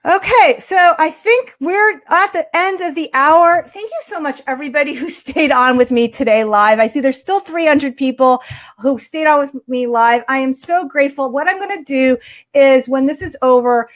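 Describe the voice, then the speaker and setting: A woman with a New York accent and a high, bright-sitting voice hosts a live art webinar. She fields viewer questions in an upbeat, chatty manner and answers each one quickly. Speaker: art teacher hosting a webinar.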